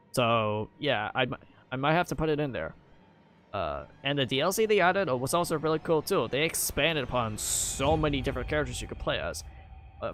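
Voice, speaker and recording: A man talking casually on a live stream, halting often with fillers and restarts. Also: mid-range voice, fairly bright tone. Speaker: live streamer ranking games. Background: background music.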